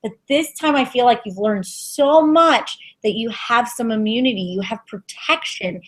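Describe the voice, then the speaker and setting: A woman giving an intuitive tarot reading on a web show, soft and halting, with many fillers. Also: on the high side. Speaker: tarot reader.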